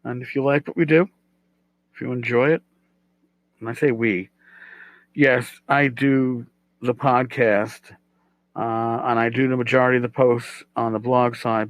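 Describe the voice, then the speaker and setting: A man's voice: mid-range voice, flat delivery, measured pace, pauses often, no room sound, rough recording. Rambling middle-aged male podcast host. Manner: rambling, self-deprecating, repeats words. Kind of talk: casual solo podcast talk.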